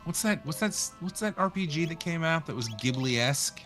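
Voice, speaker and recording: Lively bright-voiced Southern-raised man. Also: on the high side, soft background music. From American South. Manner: joking, profane, quick to laugh. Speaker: co-host. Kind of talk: casual gameplay chat.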